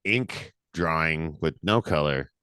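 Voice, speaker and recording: A man co-hosting a casual podcast chat, relaxed and low-key. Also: slow pace, clean tone, no room sound, clean studio sound. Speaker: podcast co-host.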